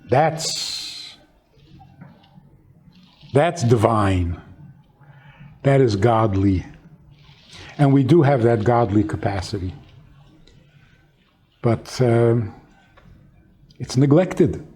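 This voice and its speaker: A man, a rabbi, teaching in conversation, reflective and fond of telling stories, raising his voice when he acts out quotes. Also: warm tone. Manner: storytelling, reflective, acts out quotes with raised pitch.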